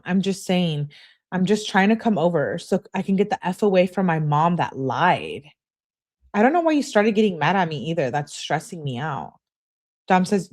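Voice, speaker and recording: Lively, sarcastic woman reading texts aloud. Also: on the low side. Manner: sarcastic, mocking asides. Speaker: true crime commentator. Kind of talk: reading text messages aloud with commentary.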